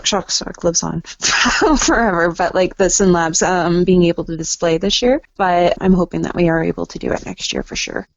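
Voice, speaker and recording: A woman's voice: mid-range voice, vocal fry, dry recording, lo-fi sound. A woman photographer and artist talking in a casual podcast chat, candid and laughing often, with some casual swearing.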